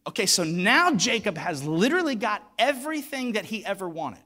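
A man's voice: sits high, sing-song, fairly quick, sharp tone. A man preaching a sermon, retelling a story with acted voices and emphatic repetition. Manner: emphatic, repeats words for weight. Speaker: pastor.

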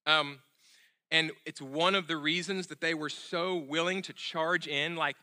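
Bright-voiced man preaching a sermon. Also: steady tone, unhurried. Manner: earnest, repeats key phrases, drops soft and low on closing lines; fillers and restarts in unscripted stretches. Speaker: pastor.

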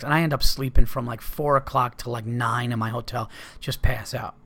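A man's voice: medium pitch, fairly even intonation, brisk, hardly any pauses. A man hosting a podcast and telling a casual, rambling anecdote with plenty of swearing. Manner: rambling, profane, laid-back anecdotes. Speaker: podcast host. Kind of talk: casual storytelling.

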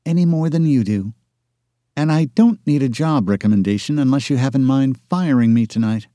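A male audiobook narrator voicing a sharp-tongued young woman employee, exasperated and teasing, her lines lifted higher than his own voice. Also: normal speed, no echo, lightly acted. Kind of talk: audiobook character voice.

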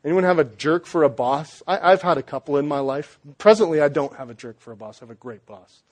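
High-voiced man preaching a conversational sermon. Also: animated, fairly quick, a little mellow. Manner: conversational, repeats words when restarting, light joking asides. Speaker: pastor.

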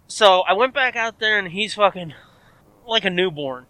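High, bright-voiced man telling stories. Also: expressive, normal speed, no room sound, rough recording. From American Midwest. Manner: rambling, profane storyteller who acts out the people he quotes. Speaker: podcast co-host. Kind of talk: casual chat, storytelling.

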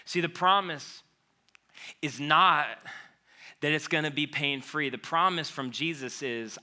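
A man preaching a sermon to his church, speaking in a conversational, impassioned way with quick asides. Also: a little high, sharp tone. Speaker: pastor.

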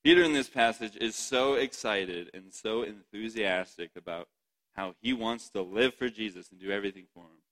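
A man's voice: lowish voice, moderate pace, fairly bright tone, low-quality recording. A man giving a sermon, reading scripture and chatting to the congregation with frequent laughs and "right?" asides. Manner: chatty, laughs often, asks the audience "right?". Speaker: preacher.

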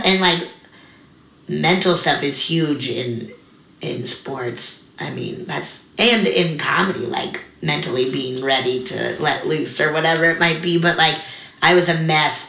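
A young woman chats through a memory on an interview show. Her voice sits a little low but sounds bright and forward. She pops into quick animated voices for the people she quotes, and the room leaves a roomy echo. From US mountain region. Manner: chatty, many likes, animated quoted voices. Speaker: guest comedian. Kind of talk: casual interview storytelling.

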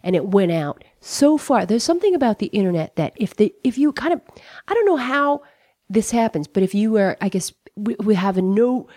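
A woman's voice: mid-range voice, animated, fairly quick, warm tone, no echo, clean studio sound. A middle-aged American woman telling a personal story, candid and profane, with lots of "like" and "you know". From United States. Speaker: comedian guest.

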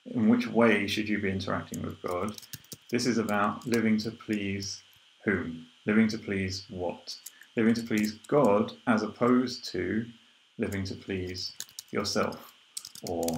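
A man giving an informal sermon. He reads scripture aloud and then explains it in a relaxed way, thinking aloud with frequent ums and restarts. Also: low voice, gravelly, slight background noise. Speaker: preacher. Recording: roomy echo.

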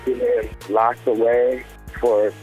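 A young man from Las Vegas talking in a relaxed, easygoing way as an interview guest. His voice sits at an ordinary pitch for a man, and he drops "you know" and "man" as he goes. Faint music plays underneath. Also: extremely slow, poor audio. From Las Vegas, United States. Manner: laid-back, loose, sprinkled with "you know" and "man". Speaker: rapper guest. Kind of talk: casual interview chat.

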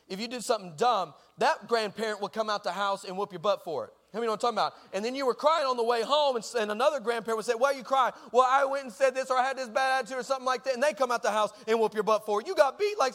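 Preaching with a Texan accent, this man has a very high voice, and a long reverb tail trails after it. The pastor tells a funny story in his sermon, animated and shouting at punchlines, and keeps turning to the congregation to ask if they're with him.

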